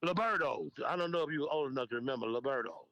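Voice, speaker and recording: Older man, lively storyteller voicing the people in his tales; bright tone, dry close sound. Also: mid-range voice, quick pace, dry recording, poor audio. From Memphis, United States. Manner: animated storyteller, acts out quoted dialogue, laughs often. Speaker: interview guest, veteran club DJ. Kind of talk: storytelling in casual interview.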